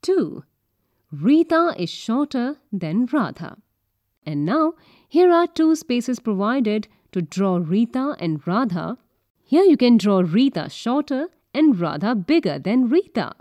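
A woman reading a children's textbook aloud, slow and deliberate. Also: fairly high pitch, very animated, darkish tone, no room sound. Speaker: textbook narrator. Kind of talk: scripted children's textbook narration.

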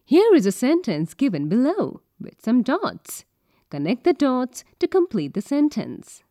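Slow sing-song narrator woman. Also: high voice, wildly swooping pitch, warm tone, no room sound, studio quality. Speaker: textbook narrator. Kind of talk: scripted children's textbook narration.

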